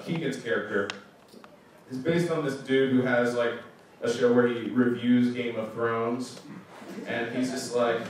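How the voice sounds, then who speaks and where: Thirties man, casual storyteller, laughs a lot, recorded far off in a big echoing room with light hiss. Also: medium pitch. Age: 30s. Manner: animated, laughs often, restarts and trails off. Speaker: guest speaker. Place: school auditorium. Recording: echoey hall, voice picked up from far off.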